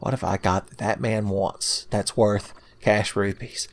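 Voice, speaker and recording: A man's voice: lowish voice, steady tone, slow, vocal fry. A man hosting a game playthrough in casual commentary, joking profanely and laughing often, close to a home mic. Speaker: let's play host.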